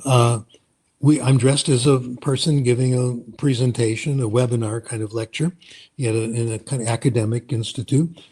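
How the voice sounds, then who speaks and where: A man's voice: mid-range voice, mellow, breathy edge. An older man presenting a webinar lecture, explaining his ideas through personal stories and anecdotes. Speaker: conference presenter.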